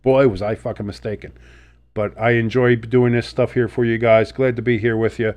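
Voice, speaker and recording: A man's voice: mid-range voice, steady tone, a little fast, darkish tone. A man with a sick, sniffly voice doing play-by-play commentary and reactions, blunt and swearing freely, jumping up on big plays. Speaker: sports streamer.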